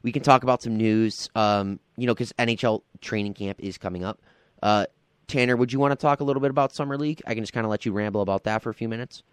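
A man with a lowish voice hosts a laid-back sports talk show on college radio. He rambles and fills gaps with ums and you-knows, sounding affable. The sound is dry and close. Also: fairly even intonation, fast, smooth, dry recording. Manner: rambling, filler-heavy, affable.

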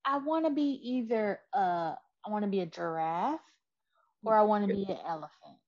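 A woman's voice: medium pitch, lively intonation, normal speed, darkish tone, lo-fi sound. A woman talking loosely and frankly in a casual chat, rambling and swearing freely.

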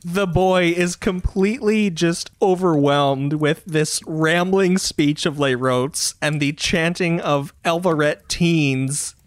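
A man narrating a tabletop game as game master, in a relaxed, descriptive way. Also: fairly high pitch, slow pace, few pauses, no room sound.

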